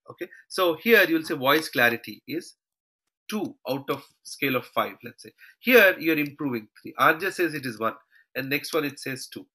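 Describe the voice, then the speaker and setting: Bright-voiced man teaching a live online class. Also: medium pitch, breathy edge, poor audio. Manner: addresses class as team, many okays and all rights. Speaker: online trainer.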